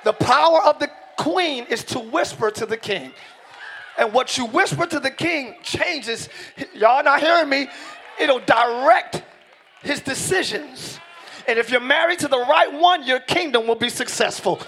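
A middle-aged man preaching a sermon in a church, shouting key lines and slowing down for emphasis while joking with the congregation. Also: very high-pitched, lively intonation, creaky, a little hiss or hum. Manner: joking, talks directly to the congregation. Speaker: pastor. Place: church sanctuary.

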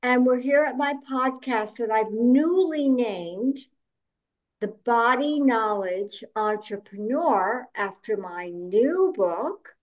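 A woman hosting a podcast as a coach, chatting in an unhurried way. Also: medium pitch. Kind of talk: casual podcast chat. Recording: dull lo-fi sound.

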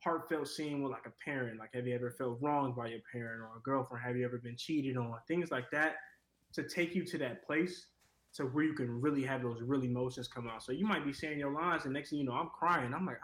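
A young actor from Cleveland talking casually in an interview, rambling with lots of fillers. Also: male voice, mid-range voice, brisk, fairly bright tone, reverberant, low-quality recording. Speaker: actor guest.

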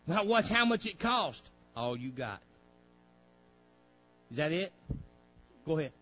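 A man's voice: a little high, sing-song, slow pace, sharp tone, muffled recording, faint music behind. A male preacher, delivering a fiery sermon with folksy grammar, directing a reader and acting out pleading voices.

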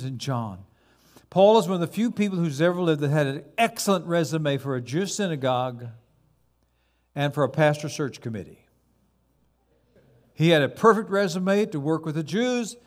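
A man preaching a sermon as pastor, building dramatically to emphatic repeated words. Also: fairly high pitch.

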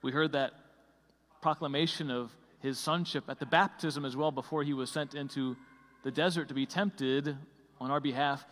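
A man's voice: medium pitch, steady tone, normal speed, fairly bright tone, in a large hall. A man preaching a sermon in a conversational way, full of fillers and restarts.

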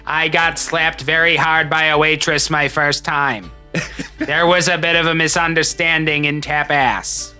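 A man's voice: a little high, steady tone, unhurried, pushed and bright, smooth, soft background music. A man voicing a pompous, indulgent male chief executive with a smug, self-satisfied manner, in a tabletop game. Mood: wry.

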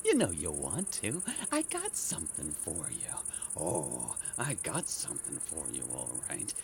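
Man playing a paranoid insomniac in a radio play, wildly swinging pitch, bright forceful voice, mutters then yells. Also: wildly swooping pitch, a little slow, slight background noise, heavily acted. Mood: menacing whisper. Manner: swings between muttering and yelling. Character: sleepless, paranoid man obsessed with noises in the walls. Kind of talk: audio drama monologue.

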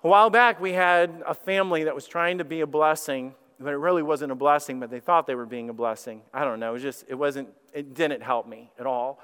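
Man, pastor, candid conversational sermon, clear smooth voice, long church reverb. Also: on the high side, brisk, hardly any pauses, fairly bright tone. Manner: candid and conversational, with frequent restarts. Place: church sanctuary.

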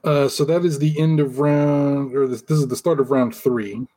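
Acting as game master for a tabletop game, a man speaks in a relaxed way, peppering his talk with fillers. His pitch is medium and his speed normal.

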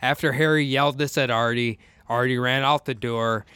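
A man hosting a podcast, telling a true-crime story in a relaxed, chatty way with frequent laughter. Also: medium pitch, moderate pace, smooth, dry recording. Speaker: podcast host.

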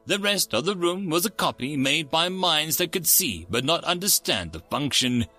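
A man narrates a first-person story with a wry, sardonic edge. His pitch sits a bit high and moves around a lot, and the tone is bright. Faint music plays underneath. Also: lively intonation, moderate pace.

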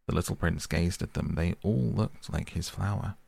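A man reading a storybook aloud as narrator, measured and gentle. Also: deep voice, creaky. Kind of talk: audiobook reading.

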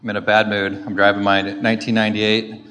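A middle-aged man giving a lively personal testimony in church, acting out his own frustrated rants as he tells the story. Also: on the low side, brisk. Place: church sanctuary. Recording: echoey hall with faint background noise.

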